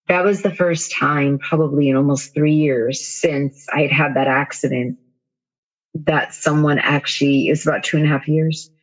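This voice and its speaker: A woman's voice: low-pitched, muffled recording. A woman coach, a podcast guest, telling a personal story in a candid, self-deprecating way with many fillers. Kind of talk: casual storytelling in an interview.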